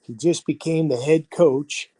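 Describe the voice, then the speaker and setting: A man's voice: on the high side, a little slow, dark tone, no echo, poor audio. A man in his seventies from the United States, a football coach telling long anecdotes in an interview, with many fillers and acted-out quotes. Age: 70s. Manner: rambling, full of fillers and quoted dialogue. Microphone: video call livestream.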